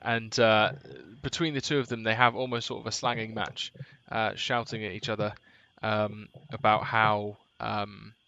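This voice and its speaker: A man narrating as game master, hesitant and full of pauses and restarts. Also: fairly low pitch, flat delivery, bright, forceful tone, muffled recording. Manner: hesitant, many ums and restarts.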